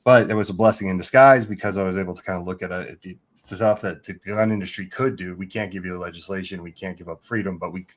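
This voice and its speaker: A chatty middle-aged man spinning a story as a podcast guest, slipping into quoted dialogue as he goes. His voice sits a little low. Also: fairly even intonation, quick pace, few pauses. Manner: chatty anecdotal, quotes people in dialogue, laughs often. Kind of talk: casual interview storytelling.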